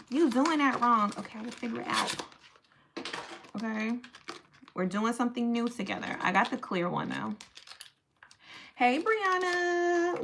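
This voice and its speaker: Young woman livestreamer, gravelly voice, casual chatty read. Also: mid-range voice, slight background noise. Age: young adult. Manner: chatty, talks to viewers while doing her makeup.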